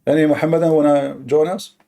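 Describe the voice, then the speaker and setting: A man hosting a heated live-stream debate, mocking and combative, speaking as a with halting restarts. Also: on the high side, flat delivery, creaky, warm tone. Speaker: livestream debate host.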